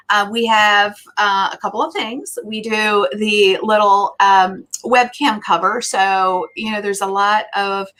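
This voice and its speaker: A woman's voice: fairly high pitch, fairly bright tone. Chatty, effusive woman hosting a live show. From United States. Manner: chatty, filler-heavy, effusive. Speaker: host.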